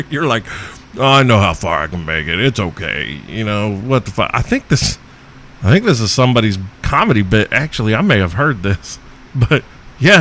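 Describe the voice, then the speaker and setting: A man's voice: medium pitch, a bit bright, a little hiss or hum. A man hosting a podcast, answering listener questions in a crude comedic rant, profane and joking with frequent chuckles. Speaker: podcast host.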